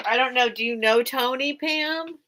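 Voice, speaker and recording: A woman's voice: sits high, moderate pace, bright, forceful tone, slight background noise, rough recording. A woman hosting a live online vintage sale, chatting casually and rambling as she reads comments and counts down bids. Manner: chatty, rambling, easily touched. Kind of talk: casual live-stream auction chat. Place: cluttered room at home.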